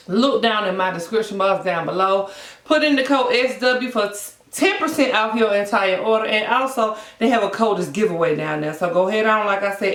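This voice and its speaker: A woman's voice: medium pitch, a bit bright. Playful sing-song woman vlogger in an echoey room. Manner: playful, sing-song, calls viewers honey. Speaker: mukbang vlogger. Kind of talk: casual eating vlog chat. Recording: echoey room, faint background noise.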